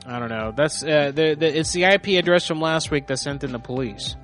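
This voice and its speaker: A man's voice: on the high side, fairly quick, fairly bright tone, soft background music. A man hosting a live call-in prank show, talking in a rambling, off-hand way with some swearing. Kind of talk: casual live-stream talk.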